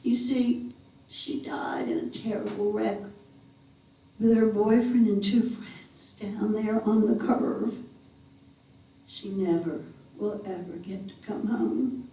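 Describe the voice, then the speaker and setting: A woman voicing a tiny, very elderly grieving mother who speaks in a hushed, breathy whisper, recorded from afar in an echoey room. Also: mid-range voice, fairly even intonation, slow, a little hiss or hum. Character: very old grieving mother, small and tearful. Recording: echoey room, mic far off.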